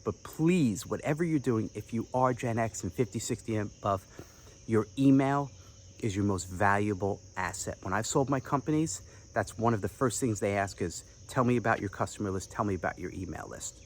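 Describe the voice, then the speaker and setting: A man giving direct-to-camera business advice as an online coach, energetic and chatty with playful asides. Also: on the low side, brisk, slight background noise.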